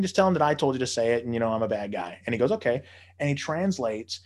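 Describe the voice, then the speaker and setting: A man's voice: mid-range voice, lively intonation, rapid-fire, a little mellow. Laughing, profane storyteller man. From United States. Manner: profane, laughing, mimics people in quotes. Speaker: podcast storyteller. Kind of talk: casual storytelling.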